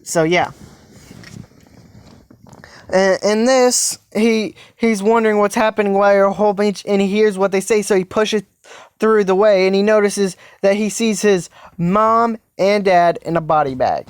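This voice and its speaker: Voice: mid-range voice, measured pace, clean tone, no echo, studio quality. A fan storyteller narrating a story casually, rambling and hesitant with many fillers and restarts.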